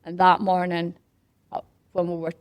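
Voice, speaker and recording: Animated woman telling a story. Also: fairly low pitch, moderate pace, smooth, no room sound. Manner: animated, acts out quoted voices and whispers for effect. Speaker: interview guest, parkrun organiser. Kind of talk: casual storytelling.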